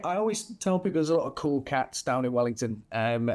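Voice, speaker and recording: Young guy bartender on a podcast, curses a lot, mid-pitched voice, animated yarns. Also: fast talker. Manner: swears freely, lively storytelling. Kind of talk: casual interview chat.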